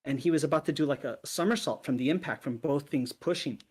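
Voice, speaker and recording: A man in a relaxed podcast conversation, recounting an encounter with lively storytelling energy. His voice sits a touch high for a man, and he slips into other people's lines as he talks. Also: quick pace, breathy edge. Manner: animated storyteller, acts out quoted voices. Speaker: podcast co-host. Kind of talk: casual storytelling chat.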